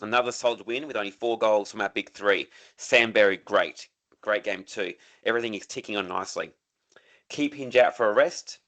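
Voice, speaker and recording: A man co-hosts a casual footy podcast and reads out listener messages. He keeps his excitable partner in line. His voice is bright and forceful. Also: on the low side, moderate pace. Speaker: podcast co-host. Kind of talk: casual chat.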